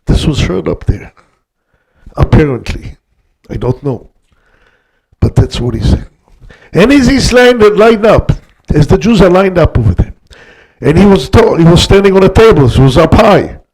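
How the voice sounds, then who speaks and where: An older man, a guest rabbi, telling a story in an emphatic way that swings between hushed passages and loud peaks. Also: high voice, very animated, normal speed, pauses often, slightly rough. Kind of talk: dramatic storytelling talk.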